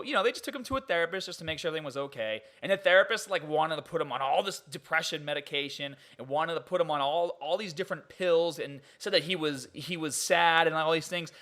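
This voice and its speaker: A young man hosting a podcast, talking in an animated, incredulous way and laughing often. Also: fairly high pitch. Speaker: podcast host. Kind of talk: casual podcast chat.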